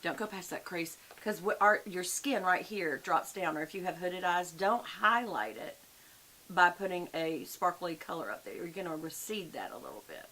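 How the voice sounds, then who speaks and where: On the low side and animated, an older Southern US woman talks through a makeup tutorial at a moderate pace with a sharp tone. This beauty vlogger is chatty and folksy, friendly with viewers she calls "y'all." The audio is poor, carrying a faint background hiss.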